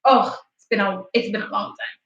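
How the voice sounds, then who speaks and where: A woman's voice: mid-range voice, fairly even intonation, fairly quick, a bit bright. A woman in her late twenties hosting a livestream, telling a personal story in a candid, heartfelt, chatty way. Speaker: livestream host. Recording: echoey, distant and muffled.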